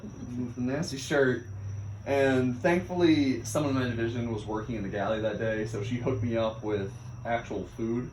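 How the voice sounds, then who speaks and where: A young man, a Navy sailor, casually telling a story about his deployment, laughing often and acting out the things people shouted at him. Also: mid-range voice, slight background noise. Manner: animated, laughs often, acts out quoted shouts. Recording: echoey room.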